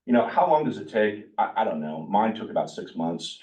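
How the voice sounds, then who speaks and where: Talking a little fast in a low voice, a blunt, animated man shares his recovery story with a live group in a meeting room, acting out what he himself said. It's a casual workshop talk, recorded from a distance with poor audio.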